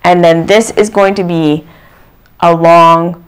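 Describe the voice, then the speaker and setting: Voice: mid-range voice, steady tone, slow, clear, resonant tone. A channel host giving a reflective self-help talk, earnest and repeating phrases for emphasis.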